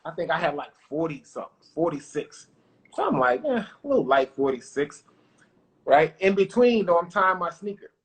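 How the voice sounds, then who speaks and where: A man, a former pro basketball player, telling lively stories as a podcast guest and acting out what people said. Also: on the high side, normal speed. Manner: animated, acts out quotes, confident. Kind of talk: casual storytelling interview.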